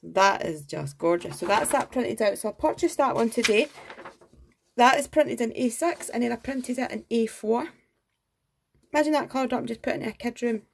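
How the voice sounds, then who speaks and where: A woman showing off craft supplies in a chatty, gushing way, her voice sitting a little high with a gravelly fry running through it. She keeps exclaiming over each piece as she goes. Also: animated, normal speed, a little hiss or hum. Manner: gushing and enthusiastic, frequent exclamations. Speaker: craft vlogger. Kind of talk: casual show-and-tell review.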